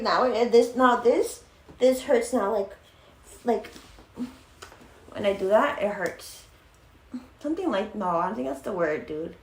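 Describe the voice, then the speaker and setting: A young woman chats casually on a livestream, rambling along with plenty of fillers and swearing. Her voice is a little high and a little mellow, and the room sounds echoey.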